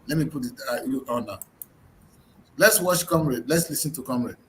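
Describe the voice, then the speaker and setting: A man hosting a newspaper review show, arguing in an animated, emphatic way full of rhetorical questions. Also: medium pitch, a little fast, slight background noise. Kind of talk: heated studio discussion. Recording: roomy studio echo.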